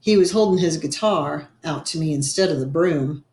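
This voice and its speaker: A woman reading a children's novel aloud in a gentle storytelling manner, slowing down for effect. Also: deep voice. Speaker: reader. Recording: echoey room.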